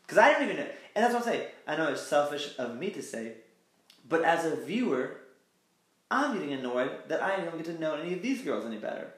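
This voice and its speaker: A man's voice: on the high side, very animated, fairly quick, reverberant. A man co-hosting a podcast, recapping episodes in casual chat and acting out quotes in mocking voices. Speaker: podcast co-host.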